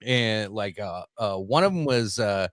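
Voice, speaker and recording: A man's voice: fairly low pitch, lively intonation, measured pace, no room sound, studio quality. A man hosting a podcast who tells a rambling, profane story in a casual way, full of fillers, and calls himself a simple country boy. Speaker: podcast host.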